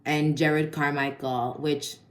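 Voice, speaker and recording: A woman's voice: low-pitched, level tone, slow. A woman giving a casual, chatty film review full of slang and swearing. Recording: echoey room.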